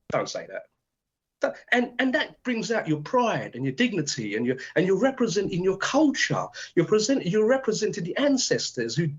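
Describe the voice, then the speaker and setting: A man's voice: high voice, husky. An older man from Britain, talking as a guest in a radio interview, telling stories and acting out the voices of other people in them. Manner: lively, acts out voices in his stories. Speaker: author and guest. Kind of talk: animated radio interview storytelling. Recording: dull lo-fi radio audio.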